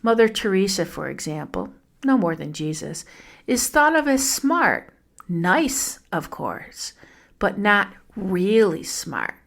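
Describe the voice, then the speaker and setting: Slow, reflective woman podcaster. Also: mid-range voice, big pitch swings, creaky. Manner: gentle, reflective, speaking to listeners as friends. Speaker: podcast host.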